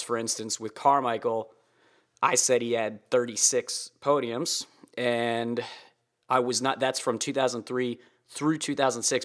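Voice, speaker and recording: A man talks through a casual podcast episode on his own. He jokes crudely and swears freely, in a voice of ordinary pitch for a man. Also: a bit bright. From United States. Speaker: podcast host. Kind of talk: casual solo podcast commentary.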